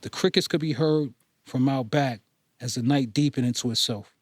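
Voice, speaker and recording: A man reading a novel aloud as an audiobook narrator in a steady storytelling manner. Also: medium pitch, moderate pace, dry recording, clean studio sound. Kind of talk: scripted narration.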